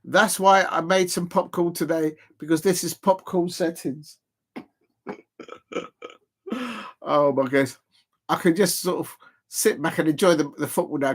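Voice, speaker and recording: A man doing live football reaction commentary as a streamer, chatty and quick to exclaim. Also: a little high. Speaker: live watch-along streamer.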